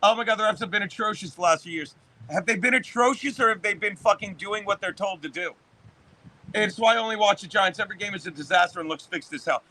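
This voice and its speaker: High, bright-voiced profane man in his fifties. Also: fast talker. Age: 50s. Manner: profane, rambling sports rant. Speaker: livestream host reading chat. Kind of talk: casual livestream chat.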